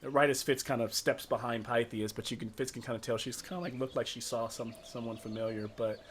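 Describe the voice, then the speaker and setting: A man's voice: medium pitch, fairly even intonation, a little fast, a little hiss or hum. A man narrating as game master of a tabletop game, rambling with lots of fillers.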